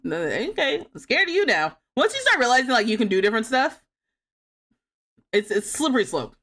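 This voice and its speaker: A bright, sharp-toned woman streams a cozy game and chats with her viewers. Her pitch jumps all over as she laughs, teases and rants in mock outrage at chat. She is a young adult, and her voice sits a touch high. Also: a little fast. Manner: animated, laughing, playfully indignant, talks back to chat. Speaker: livestreamer playing a life sim game. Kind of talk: casual live game commentary, reading chat.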